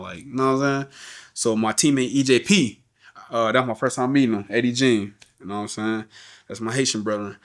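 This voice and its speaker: A man's voice: medium pitch, steady tone, brisk. An adult man, a podcast guest, candidly telling his life story in a loose, casual way, often repeating words and asking "you know what I'm saying.".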